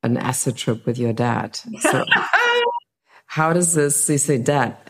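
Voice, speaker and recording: A woman interviewer chatting casually, curious and quick to laugh. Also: very deep voice.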